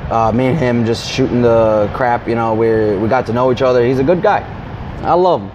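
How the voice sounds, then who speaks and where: Teasing wrestler outdoors by traffic. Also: male voice, medium pitch, fairly quick. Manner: playful, teasing, a little stuttery. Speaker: local pro wrestler, interview guest. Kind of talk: casual interview chat. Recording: dull lo-fi sound with clear street noise.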